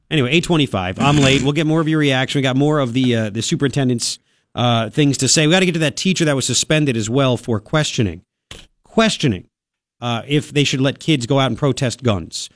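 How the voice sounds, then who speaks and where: A man hosting a talk radio show, opinionated and sarcastic, with quick asides. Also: mid-range voice, expressive, dry recording. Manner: brash, sarcastic, rapid asides. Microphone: studio microphone.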